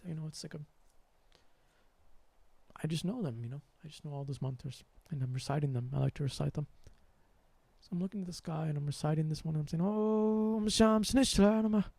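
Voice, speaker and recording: Young man, high voice, gravelly, rambling spiritual talk, slangy, dry close sound. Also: dark tone, no echo. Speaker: host.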